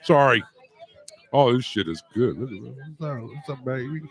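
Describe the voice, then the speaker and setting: A man's voice: medium pitch, expressive, normal speed. A man co-hosting a podcast at an event, talking loosely and joking with some swearing. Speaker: podcast co-host. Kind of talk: casual chat.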